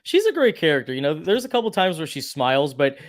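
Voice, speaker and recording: A man's voice: fairly high pitch, sing-song, fast talker. A man on a film review panel, talking chattily with lots of fillers and personal stories. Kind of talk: casual film review chat.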